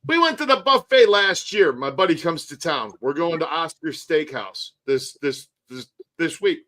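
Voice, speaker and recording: Animated ranting man. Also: a little high, normal speed, rough recording. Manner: animated ranting with frequent swearing. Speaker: tour guide and live stream host. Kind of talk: casual live stream chat.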